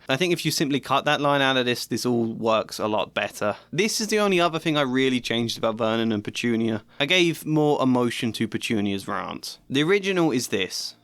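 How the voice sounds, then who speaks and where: A man's voice: mid-range voice, expressive, brisk, hardly any pauses, fairly bright tone, clean tone, dry recording. A man giving thoughtful, explanatory commentary as a video essayist on his rewrite of a story.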